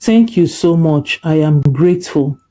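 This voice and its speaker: A storyteller voicing a kind, patient father recovering from illness, soft and reassuring. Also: mid-range voice, lively intonation, measured pace.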